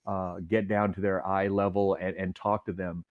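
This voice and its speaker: A man's voice: sits low, level tone, dry recording, narrow, tinny audio. A middle-aged man, a retired officer and trainer, earnestly explaining de-escalation in an interview. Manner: earnest instructor, measured with filler restarts.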